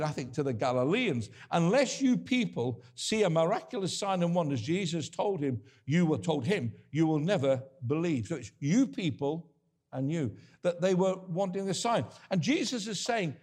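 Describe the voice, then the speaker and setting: Animated older male preacher. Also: fairly high pitch, slightly rough. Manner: earnest, conversational preaching with restarts. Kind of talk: sermon.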